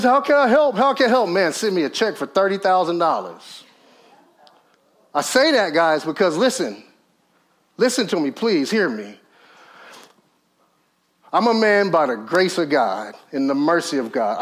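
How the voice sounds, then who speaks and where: High-pitched preaching man, wildly animated. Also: a little slow, long pauses. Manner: storytelling with acted quotes, swinging from loud high peaks to low murmurs; calls out questions to the audience. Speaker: pastor. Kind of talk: sermon.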